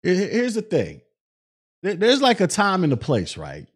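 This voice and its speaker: A man's voice: high voice, wildly swooping pitch, unhurried, slightly rough. A middle-aged man hosting a livestream podcast, reading chat messages aloud and getting angry and profane with a viewer. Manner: irritated, profane, rising to shouting. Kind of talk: livestream commentary.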